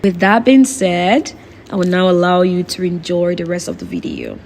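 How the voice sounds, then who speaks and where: A woman's voice: on the low side, big pitch swings, moderate pace, a little mellow, a little hiss or hum. A young adult woman talking to viewers in a heartfelt vlog, earnest and grateful, repeating her thanks. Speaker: vlogger. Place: in China.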